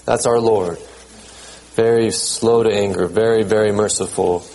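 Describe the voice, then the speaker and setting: A man's voice: on the low side, steady tone, a little mellow, low-quality recording. Conversational male preacher. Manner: conversational, repeats words, checks in with "okay?"; reads scripture aloud in a measured cadence. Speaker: pastor. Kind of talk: sermon.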